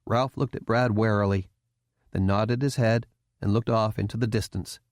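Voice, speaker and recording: Here a man with a lowish voice narrates an audiobook from a script, keeping his storytelling measured and even. The recording is dry and of studio quality.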